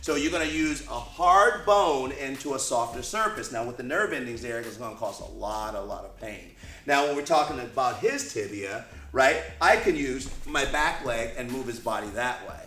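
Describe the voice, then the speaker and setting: A man's voice: medium pitch, expressive, moderate pace, bright, forceful tone. A man co-hosting a martial arts lesson, explaining in an easygoing way with frequent "you know" and "right". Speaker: co-host martial arts teacher. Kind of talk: casual demonstration lesson. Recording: echoey room.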